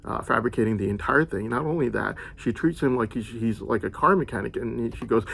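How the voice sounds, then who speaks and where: A young man from the United States speaks in a rambling personal monologue. His middle-pitched voice has a gravelly, creaky edge. He drifts from point to point, peppering his story with "like.". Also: brisk, few pauses, fairly bright tone. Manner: meandering storytelling, heavy use of "like".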